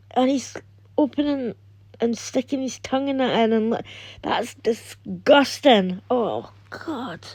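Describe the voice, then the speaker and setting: A woman's voice: fairly high pitch, darkish tone, dry recording. A young adult woman with a Scottish accent giving casual reaction commentary, rambling with restarts and laughs. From Scotland. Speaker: reaction video host.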